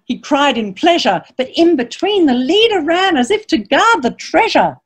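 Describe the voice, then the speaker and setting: Animated woman reading a picture book. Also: sits high, measured pace, few pauses. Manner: animated storyteller, asks listeners questions; reads rhyming verse in lively sing-song. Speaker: children's author.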